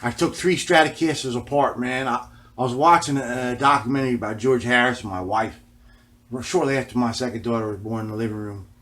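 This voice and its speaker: A man's voice: medium pitch, a little fast, fairly bright tone. A man vlogging in a casual, rambling way, swearing often and ending nearly every phrase with "man". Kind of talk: casual rambling vlog talk.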